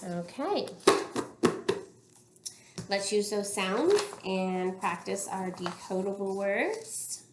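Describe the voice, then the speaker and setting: A woman teacher leading a phonics lesson, prompting slowly and clearly with patient, drawn-out words. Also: mid-range voice, sing-song, noisy background. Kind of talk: slow, deliberate phonics lesson. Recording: echoey room.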